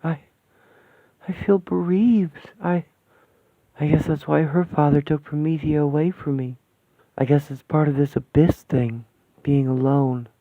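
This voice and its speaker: A man voicing an earnest, halting young woman heroine in a radio play. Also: fairly high pitch, fairly even intonation, no echo. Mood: tearful. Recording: thin phone-like, dry sound.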